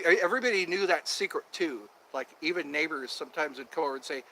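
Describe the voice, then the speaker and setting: A man's voice: fairly high pitch, quick pace, few pauses, pushed and bright, a little hiss or hum, low-quality recording. A man chatting casually on a livestream, rambling with many fillers, recorded outdoors on a phone. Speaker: livestream host. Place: outdoors at sunset, traffic passing.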